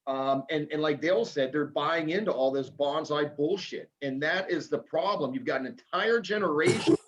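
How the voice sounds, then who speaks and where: A man's voice: on the high side, normal speed. A man in a casual podcast chat, ranting and profane. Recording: dull lo-fi sound.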